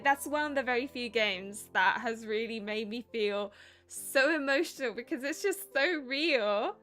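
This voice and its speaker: Excitable young woman streamer reading a game. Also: fairly high pitch. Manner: excitable, laughing asides. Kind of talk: reading a visual novel aloud with casual commentary.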